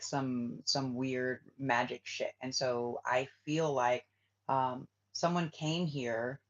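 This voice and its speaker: A man of middle pitch talks in a loose, rambling monologue, peppered with filler words and curses. The sound is dull and lo-fi. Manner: rambling, full of "like" and swearing. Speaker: spiritual reader and vlogger.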